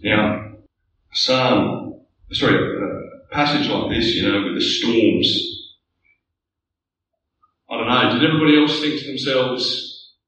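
A man's voice: mid-range voice, slow pace, pauses often, fairly bright tone, slight background noise. A man preaching a sermon, earnest and building to rhetorical questions. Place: church hall. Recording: echoey distant church room mic.

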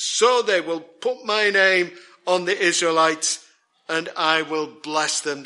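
Male preacher, high bright tone, slow deliberate emphatic sermon delivery. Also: steady tone.

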